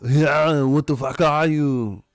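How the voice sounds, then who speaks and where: Brief: loud gruff Austrian action hero, a man doing the impression, barking lines. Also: a little high, steady tone, slow, no echo, faint music behind, pitched above the performer's own voice. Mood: gruff shouting.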